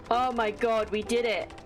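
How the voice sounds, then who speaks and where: A woman with a medium-pitched voice is livestreaming a game. She chats casually with her chat and reads in-game text aloud, and there's a little hiss or hum on the audio.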